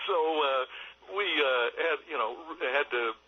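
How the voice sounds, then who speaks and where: An older man, a film director, telling anecdotes in a radio interview, halting with many fillers and restarts. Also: on the high side, husky. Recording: dull lo-fi radio line.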